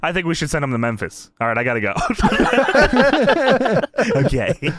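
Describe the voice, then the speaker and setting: A man's voice: fairly high pitch, big pitch swings, unhurried, noisy background. A man co-hosting a casual wrestling podcast, laughing often and swearing as he retells a show. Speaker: podcast co-host. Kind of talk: casual chat.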